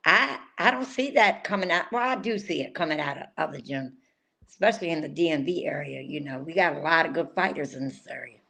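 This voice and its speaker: Older woman, podcast co-host, loose rambling delivery, gets amped up fast. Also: sits low, vocal fry. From North Carolina. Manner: rambling, excitable, restarts often. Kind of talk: casual chat.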